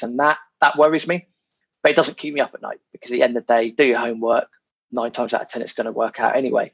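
A man's voice: mid-range voice, breathy edge. A man, a guest on a podcast, chatting casually and animatedly about property, swearing now and then and repeating his words. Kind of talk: casual interview chat. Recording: dull lo-fi sound.

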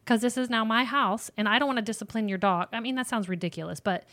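A woman's voice: a little high, fast talker, a bit bright. A middle-aged woman hosting a faith-based parenting advice chat, earnest and chatty, often acting out little example conversations.

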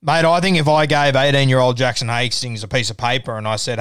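A man hosts a podcast in a smooth, resonant voice, recorded close and dry. He is friendly and matey, building up to each question with a long lead-in. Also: mid-range voice, fairly quick, hardly any pauses, a bit bright, no echo. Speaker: podcast host. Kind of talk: conversational interview.

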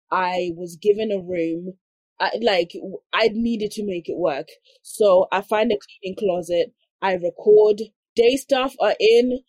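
A woman's voice: medium pitch, no echo. A woman telling a personal story in casual chat, acting out the dialogue and often saying "like". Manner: animated, acts out quoted dialogue; frequent "like" fillers. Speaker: podcast guest telling a story.

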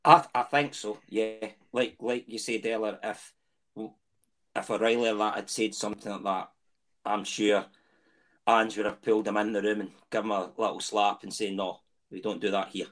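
A man's voice: fairly low pitch, flat delivery, moderate pace, fairly bright tone. A Scottish man appearing as a guest on a football podcast, explaining his points earnestly in casual chat.

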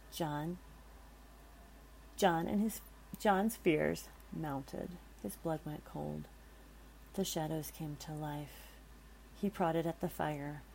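A woman's voice: sits low, vocal fry, warm tone, a little hiss or hum, poor audio. A woman reading a scary story aloud in a dramatic way, stopping for nervous asides to her listeners.

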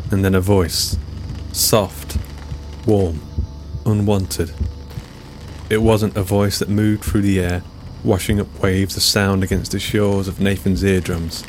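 A man narrating his own written story in a wry, deadpan way, with music playing behind. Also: low-pitched, background noise. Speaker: author and narrator.

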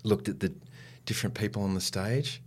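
A man talking as a podcast guest in a low, settled voice. He is reflective and unhurried, and he slows right down when he wants a point to land. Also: a little hiss or hum. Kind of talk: casual chat.

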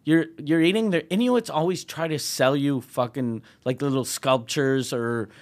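A man's voice: a little high, moderate pace. A male comedian and podcast host telling a story in a casual, profane way, laughing as he goes. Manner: profane, laughing as he tells anecdotes.

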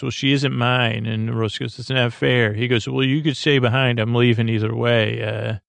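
Gravelly low-key man recapping. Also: no room sound. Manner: halting, many uh fillers, low-key. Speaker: podcast host. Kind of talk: sleepy episode recap.

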